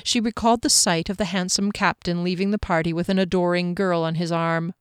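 A woman reading a fantasy novel aloud in a steady, even narrating voice. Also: on the low side, a little fast, clear, resonant tone, dry recording, clean studio sound. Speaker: audiobook narrator.

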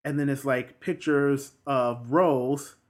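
A man retelling a film's story in relaxed, casual conversation. He slips into the characters' lines with sudden bursts of energy, then drops back to an easy, mid-pitched narrating voice. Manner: animated, acts out characters' lines in quick bursts. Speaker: film recapper. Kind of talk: casual chat, retelling a film plot.

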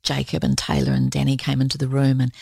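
A woman's voice: rumbling low, big pitch swings, quick pace, gravelly, darkish tone, slightly rough, no echo, studio quality. An Australian woman telling candid personal stories as an interview guest, earnest and confiding. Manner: earnest, confiding, acts out quoted voices.

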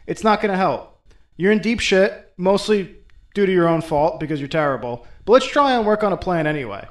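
A man's voice: sits high, expressive, brisk. A man voicing a small, blunt female mouse spirit who gives matter-of-fact advice. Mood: scolding.

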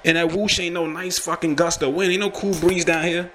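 A young man rambles through a loose, swear-heavy monologue as a talk host, laughing often as he goes. His voice is bright and forceful. A faint hiss of noise sits behind him. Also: a little high, steady tone, brisk. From Virginia, USA. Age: young adult. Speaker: podcast host and rapper. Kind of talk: casual profane monologue.

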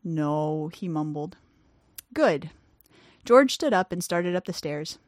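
A woman's voice: lowish voice, very animated, takes it slowly, dry recording, clean studio sound. A woman reading her own short fiction aloud, acting out the characters' lines and raising her voice in the tense moments.

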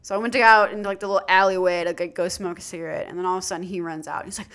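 A woman's voice: lowish voice, fairly even intonation, very fast, fairly bright tone, clear, resonant tone. A young adult woman, a podcast co-host, telling a long casual story, acting out quoted voices with lots of "like".

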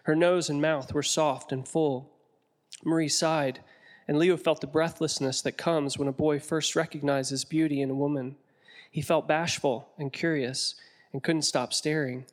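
A man reading a story aloud in a measured, descriptive way, as an audiobook narrator. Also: fairly high pitch, fairly even intonation, in a large hall.

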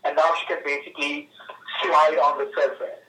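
A man in his thirties calling in to chat with friends, halting and full of fillers and restarts. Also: fairly high pitch, flat delivery, bright, forceful tone. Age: 30s. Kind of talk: casual phone conversation. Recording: tinny speakerphone from a distance.

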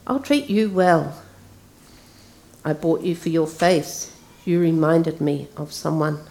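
A woman's voice: low voice, slow pace, darkish tone. A woman voicing a stern, dignified bearded lord from a storybook, speaking in a commanding way. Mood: kindly.

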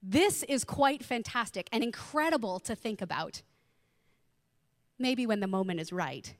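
A woman preaching a sermon, reading scripture and telling a personal story in an expressive way that acts out the voices she quotes. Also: fairly high pitch, measured pace, in a large hall.

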